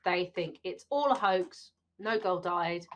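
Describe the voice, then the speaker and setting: A woman's voice: lowish voice, takes it slowly. Chatty British woman teaching English. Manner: alternates reading play lines with explanation; chatty, addresses viewers directly. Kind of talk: exam revision lesson.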